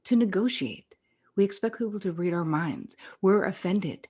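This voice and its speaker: A woman's voice: mid-range voice, expressive, normal speed, darkish tone, slightly rough. A middle-aged woman psychotherapist, a podcast guest, talking bluntly and with swearing, acting out the people she quotes. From New York area. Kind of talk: casual podcast conversation.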